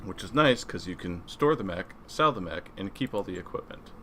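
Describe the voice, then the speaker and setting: A man's voice: sits low, expressive, normal speed, fairly bright tone, slight background noise. A man casually commenting on a strategy game he is playing, rambling and reading game text aloud. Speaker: gaming video creator.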